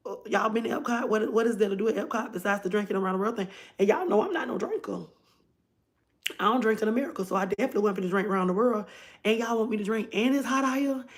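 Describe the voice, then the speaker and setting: A woman chatting casually on a phone livestream, rambling and talking straight to her viewers. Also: mid-range voice. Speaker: livestream host.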